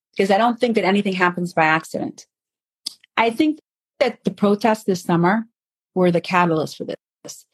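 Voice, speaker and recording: Husky, emphatic woman podcast guest. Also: a little high, no room sound, rough recording. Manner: emphatic, animated storytelling. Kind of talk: passionate podcast conversation.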